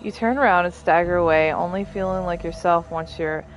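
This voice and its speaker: A woman narrating as game master of a tabletop role-playing game, in measured, descriptive narration. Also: fairly low pitch, fairly even intonation, dull audio, soft background music.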